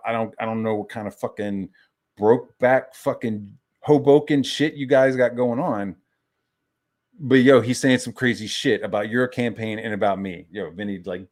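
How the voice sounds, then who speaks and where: Low-voiced man on a heated profane rant. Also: a little mellow. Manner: heated, swears constantly, restarts often. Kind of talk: profane casual rant on a stream.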